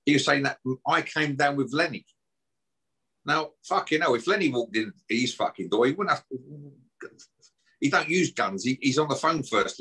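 A man's voice: mid-range voice, lively intonation, normal speed, sharp tone, breathy edge. A middle-aged man, guest on a podcast, ranting aggressively and swearing and taunting as he talks. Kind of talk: heated podcast rant.

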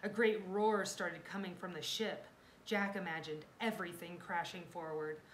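A woman's voice: lowish voice, steady tone, moderate pace. A woman reads a children's chapter book aloud, lending the scenes drama and expression. Her voice sits in a roomy, echoing space with faint noise underneath. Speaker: reader.

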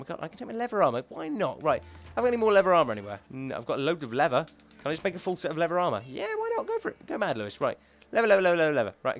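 A young man talking to himself as he plays a video game, rambling and excitable, thinking aloud as he goes. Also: fairly high pitch. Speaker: gaming YouTuber. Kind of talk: let's play commentary.

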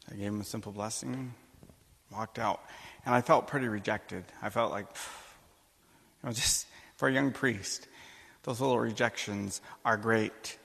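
Male priest, gravelly voice, animated storytelling sermon, long echoing hall reverb. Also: on the low side, moderate pace. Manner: animated storytelling, acts out dialogue, emphatic rises. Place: church or conference hall.

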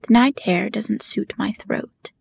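A woman whispers as a fussy old magpie in a storybook, in whispered role-play. The voice is gravelly and breathy. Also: medium pitch, takes it slowly, exaggerated voice. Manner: fussy, excusing itself.

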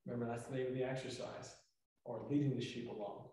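A man teaching tai chi, explaining calmly with fillers as he demonstrates each movement. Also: mid-range voice, fast talker, creaky. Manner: talks while moving through the exercise, relaxed and explanatory, with many fillers. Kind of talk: instructional demonstration. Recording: echoey room, mic far off.

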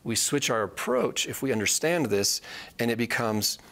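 A man's voice: medium pitch, animated, moderate pace, creaky, fairly bright tone. A man teaching a live Bible study, earnest and repeating key phrases for emphasis.

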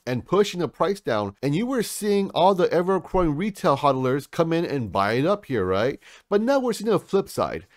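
A man's voice: a little high, sing-song, normal speed, few pauses, dry recording, clean studio sound. A man hosting a crypto channel, giving hyped market commentary in a salesy way and calling his viewers folks.

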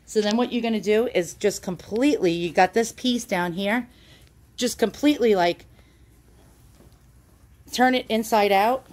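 Speaking unhurriedly and pausing often, a woman with a mid-range, somewhat mellow voice hosts a YouTube how-to at home. She films on a handheld phone, keeps things chatty and self-deprecating with lots of fillers, and gets out of breath now and then.

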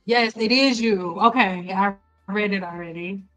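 A middle-aged woman cosmetologist hosting a casual live stream, blunt and animated, talking straight to her viewers with slang and exasperated repetition. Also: medium pitch, unhurried, faint music behind, low-quality recording. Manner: frequent laughs and exasperated repetition. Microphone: desk mic.

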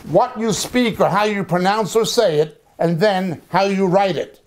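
A man teaching a lecture on biblical languages, slow and deliberate, repeating terms to drill them in. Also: sits high. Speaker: Bible teacher.

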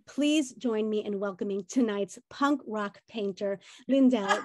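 A woman's voice: medium pitch, measured pace, darkish tone, dry recording. A woman hosting an online arts event, formally reading an introduction of the guest artist. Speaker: event host. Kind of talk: read-out introduction.

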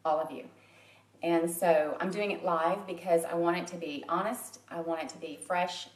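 A woman in her forties from Louisiana talks frankly in a live video, chatty and personal and quick to laugh at herself. Her voice sits on the low side. The sound is roomy and comes from some way off the mic. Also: recorded from a distance. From Louisiana, USA. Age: 40s. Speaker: makeup artist and direct sales consultant. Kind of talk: candid live video chat to a private group.

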